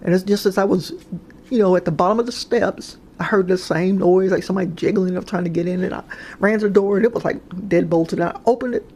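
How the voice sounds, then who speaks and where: A woman's voice: lowish voice, mellow. A woman casually telling personal paranormal stories, rambling and hesitant, with frequent restarts and fillers. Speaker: storyteller sharing paranormal experiences. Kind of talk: casual spoken storytelling.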